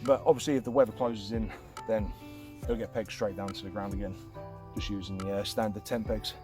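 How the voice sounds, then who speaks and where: A man's voice: fairly low pitch, fairly quick, over music. Man demonstrating camp setup outdoors. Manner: relaxed, chatty, with frequent ums. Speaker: outdoor channel host. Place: outdoors in woods.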